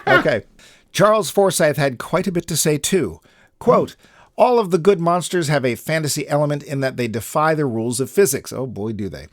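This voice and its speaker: A man's voice: on the high side, animated, normal speed, dry recording, studio quality. A man co-hosting a casual podcast, joking and reading listener quotes aloud. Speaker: podcast co-host.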